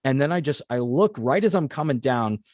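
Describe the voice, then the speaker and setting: A man hosting a casual interview, telling stories in an animated way, acting out quotes and swearing freely. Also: mid-range voice, brisk, dry recording, studio quality. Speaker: host.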